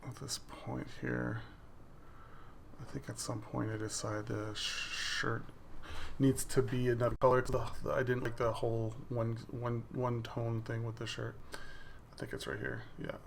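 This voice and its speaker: A man's voice: medium pitch, a little slow, vocal fry, slight background noise. A man casually narrating over a video of his digital drawing, explaining each step as the work plays on screen. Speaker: digital artist.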